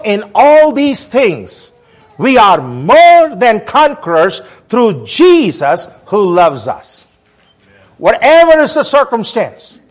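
A man preaching as a guest speaker, emphatic and rousing, calling on the congregation to repeat after him. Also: high-pitched. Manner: emphatic call-and-response preaching. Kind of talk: sermon.

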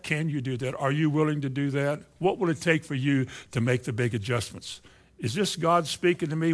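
An older man preaches a sermon in a church, giving folksy, conversational teaching. His voice sits at an ordinary middle pitch, and he keeps asking his listeners rhetorical questions. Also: a bit bright. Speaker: pastor.

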